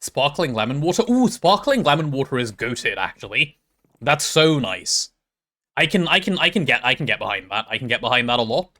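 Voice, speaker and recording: A man streaming a game, chatting casually with his chat and thinking out loud as he plays. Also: medium pitch, very animated, a little fast. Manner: chatty, thinks aloud while playing and answers chat.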